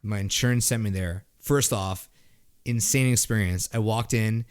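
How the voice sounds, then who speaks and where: A man's voice: on the low side, normal speed, smooth. A man from Montreal telling a story in casual podcast chat, swearing often and restarting his sentences with lots of "like". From Canada (Montreal). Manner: profane, rambling, with frequent restarts and "like" fillers. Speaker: podcast host.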